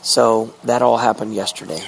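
A middle-aged man talking earnestly about his faith and family, reflective, with halting restarts. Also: on the low side, steady tone, creaky, slight background noise. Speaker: father sharing a spiritual journal. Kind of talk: personal faith diary monologue.

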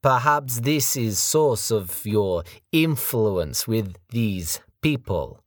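A man voicing a huge, brash Mongolian enforcer who speaks slow, broken English with a mocking edge. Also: on the low side, animated, no echo, studio quality, voice pushed up.

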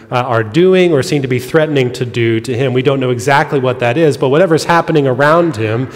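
A man preaching a sermon, explaining scripture in an earnest way, his voice dropping soft and quiet on heavy moments. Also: mid-range voice. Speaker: pastor. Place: church sanctuary. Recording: long reverb of a church hall.

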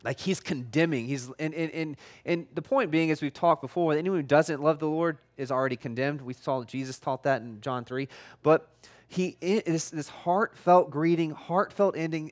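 A man's voice: fairly high pitch, moderate pace. Blunt, emphatic man preaching a sermon. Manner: conversational and emphatic, heavy use of "like"; blunt, forceful preaching with rising intensity. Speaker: pastor.

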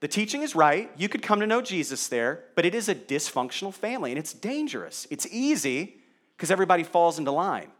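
A man's voice: a little high, big pitch swings, brisk, fairly bright tone. A male pastor preaching a sermon in a conversational way, asking the congregation rhetorical questions.

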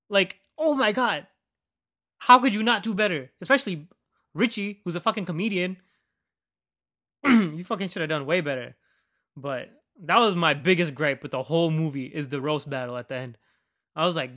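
On his podcast, a young man delivers a casual movie rant, mocking and loose, swearing in nearly every sentence. His voice sits a little high for a man, and at a normal speed he swings animatedly between loud outbursts and low mutters.

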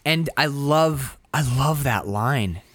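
A man's voice: medium pitch, slow, fairly bright tone, a little hiss or hum. A man co-hosting a casual movie-review podcast, talking with profane enthusiasm and frequent restarts. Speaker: podcast co-host.

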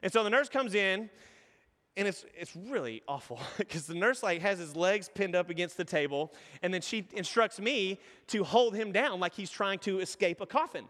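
A man's voice: high voice, normal speed, in a large hall. A man in his thirties preaching a sermon as pastor, telling stories animatedly and acting out voices. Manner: animated storytelling with acted-out voices.

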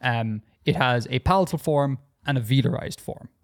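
A man talking casually on a podcast, chatty and loose. He stumbles and restarts his sentences often and fills the gaps with ums. His pitch is in a middle range. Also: moderate pace. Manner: chatty, hesitant with many restarts and fillers. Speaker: podcast co-host.

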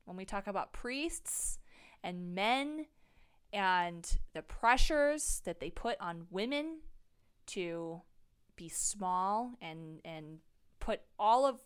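A woman's voice: medium pitch, smooth. A young woman co-hosting a podcast, telling a story in a casual chat and acting out what people said, with a lot of "like"s. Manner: animated storyteller, acts out quotes with many "like"s. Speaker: podcast co-host.

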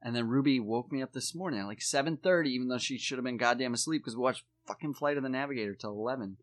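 A man chatting casually about his kids, telling stories and swearing in a relaxed way. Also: mid-range voice, very fast. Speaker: podcast co-host, father. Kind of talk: casual chat.

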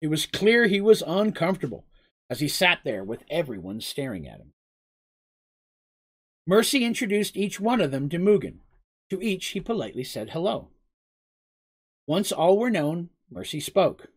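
An expressive storyteller reading a fantasy tale aloud, with a voice that rises and falls in a lively way. The speaker now and then drops the script to chat directly with the listeners. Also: mid-range voice, moderate pace, long pauses.

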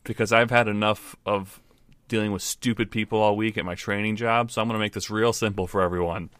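A man's voice: lowish voice, steady tone, brisk, a bit bright, clear, resonant tone, no room sound. A man co-hosting a podcast in casual banter, with a dry, sarcastic manner and a lot of swearing. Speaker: podcast co-host.

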